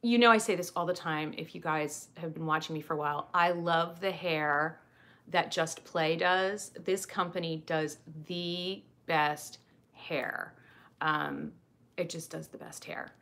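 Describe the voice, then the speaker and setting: Bright-voiced woman chatting over a doll unboxing. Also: low-pitched, fairly even intonation, a little slow. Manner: chatty, goofy, answers viewer questions as she goes. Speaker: doll review channel host. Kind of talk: casual live chat while unboxing a doll.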